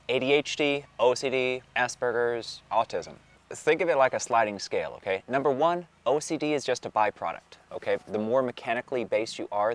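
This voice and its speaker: Low-voiced man with a slight twang. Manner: conversational, emphatic, lots of fillers. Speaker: vlogger. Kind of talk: casual explainer talk.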